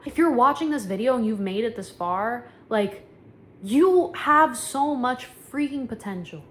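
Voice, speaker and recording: A young woman with a slightly high voice talks to camera in a loose, chatty vlog style. Her speech is full of fillers, and she acts out her own inner dialogue. She often turns emphatic and a little preachy. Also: expressive, normal speed, a bit bright. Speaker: manifestation vlogger. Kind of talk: casual talk to camera.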